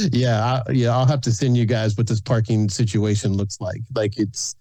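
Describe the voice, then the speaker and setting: A food content creator from San Antonio, Texas, guests on a podcast interview, telling casual stories, acting out the people he quotes, and laughing often. His voice sits on the low side with little pitch movement, a mellow quality, and normal speed, in a dry recording.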